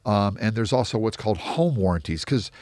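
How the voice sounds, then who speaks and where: A man from the United States, an interview guest who tells lively anecdotes full of quoted dialogue. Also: fairly low pitch, brisk, no room sound. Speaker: real estate investor guest. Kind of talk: storytelling interview.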